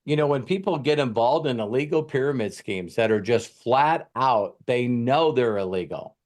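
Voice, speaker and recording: A man hosting a group coaching session, an animated storyteller who acts out the quotes. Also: medium pitch, moderate pace. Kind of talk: motivational group coaching talk.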